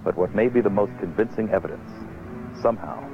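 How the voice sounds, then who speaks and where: A man with a deep, low voice reads documentary narration in a measured, grave way. The audio is dull and lo-fi, with a faint hiss behind him. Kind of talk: scripted narration.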